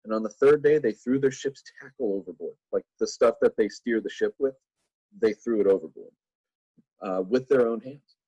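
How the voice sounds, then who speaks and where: Playful husky-voiced man teaching a Bible lesson. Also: on the low side, normal speed, mellow, no room sound, lo-fi sound. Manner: playful, jokey asides to the audience.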